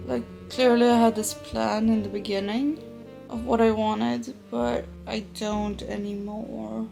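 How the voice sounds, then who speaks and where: A woman's voice: a little high, little pitch movement, measured pace, creaky, warm tone. A young adult woman vlogging casually in a blunt, ranting way, swearing constantly. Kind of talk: casual vlog talk. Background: background music.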